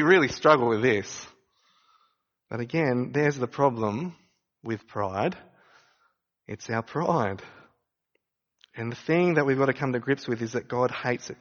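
A man's voice: medium pitch, a bit bright, in a large hall, lo-fi sound. A man preaching a sermon, speaking conversationally and asking his listeners rhetorical questions. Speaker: pastor.

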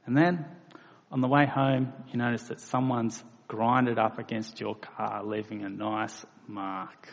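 A man delivers a sermon at an unhurried, measured pace, his voice gravelly with a touch of fry. He rises into emphatic bursts on key points. The recording is dull and lo-fi, with a long reverb tail as if in a large hall. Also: mid-range voice, steady tone. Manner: slow, deliberate preaching with emphatic bursts. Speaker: preacher.

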